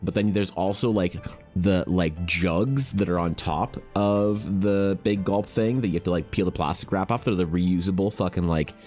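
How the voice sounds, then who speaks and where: A man's voice: low-pitched, normal speed, darkish tone, faint music behind. A man live-streaming while drawing, rambling, joking and swearing casually with lots of restarts. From Canada.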